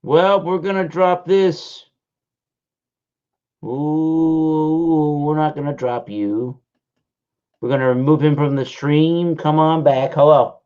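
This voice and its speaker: A man's voice: on the high side, unhurried, a little mellow, clean tone. A man hosting a casual beer review livestream, calling out to a guest whose audio has dropped. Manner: repeats a guest's name to check the line. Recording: dull lo-fi stream audio.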